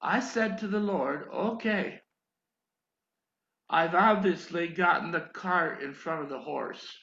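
An older man preaching a sermon, telling a story in an animated way that rises to emphatic pleading. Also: a little high, takes it slowly, reverberant, highs cut off.

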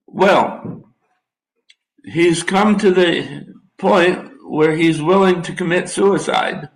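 A high-pitched, gravelly older man preaches slowly but animatedly, reading scripture and adding folksy, wry asides to his listeners in a drawling style. The audio quality is poor.

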